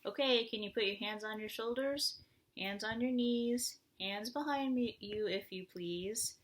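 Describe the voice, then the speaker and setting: A children's librarian, a woman, reading a picture book aloud in a lively storytime voice and leading sing-song action rhymes. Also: fairly high pitch, a little slow.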